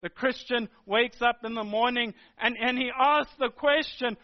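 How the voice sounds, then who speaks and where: A man with a very high voice preaches a sermon, pressing each point with repeated, emphatic phrases. The recording sounds dull and lo-fi. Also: moderate pace, hardly any pauses. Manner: emphatic, repetitive preaching cadence.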